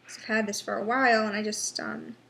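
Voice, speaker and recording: A young woman in a personal vlog, talking haltingly with many pauses and restarts, sounding frustrated and worn down. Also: medium pitch, little pitch movement, gravelly, fairly bright tone. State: unwell. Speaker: vlogger.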